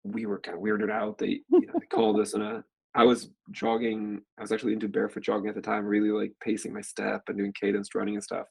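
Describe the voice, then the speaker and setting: A man in his forties tells a long, rambling story as an interview guest, filling it with constant "like" fillers. His voice is low, husky and gravelly with fry. He talks at a quick clip. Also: monotone. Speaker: guest, venture capital partner.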